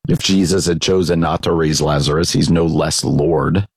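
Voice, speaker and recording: A man's voice: a bass voice, fairly even intonation, moderate pace, vocal fry, breathy edge, no room sound, low-quality recording. A man giving a devotional sermon, reading a short passage and then talking it through in a conversational way, with restarts as he thinks aloud. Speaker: pastor.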